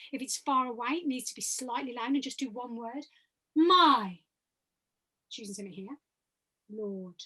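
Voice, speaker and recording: A woman leading an online vocal workshop, coaching participants through breathing and voice exercises and demonstrating them aloud. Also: high-pitched. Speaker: voice workshop leader. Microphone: video call.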